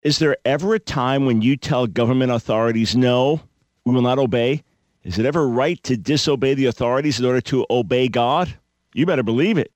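A man's voice: mid-range voice, fast, no room sound. Emphatic male radio host, dry studio sound. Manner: didactic, emphatic, explains with everyday analogies. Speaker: radio talk show host. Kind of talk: call-in talk radio monologue.

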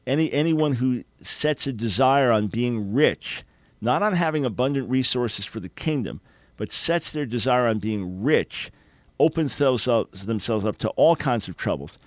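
A man's voice: mid-range voice, no room sound. A man hosting a call-in radio talk show, speaking in an earnest, emphatic, preacher-like way into a studio microphone.

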